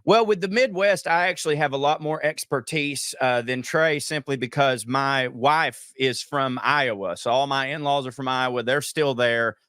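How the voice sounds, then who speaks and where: A man's voice: mid-range voice, clean tone, no echo, studio quality. A man with a Southern US accent, a comedian guest chatting casually and joking as he rambles through stories. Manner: joking, rambling, animated storyteller. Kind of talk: casual talk-show chat.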